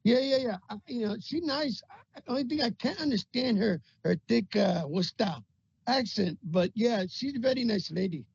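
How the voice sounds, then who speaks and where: A performer playing a warm, jokey old grandfather who speaks stammering, broken English, over a video call. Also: mid-range voice, animated, normal speed, vocal fry, slightly rough, no echo. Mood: chatty. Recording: dull lo-fi call audio.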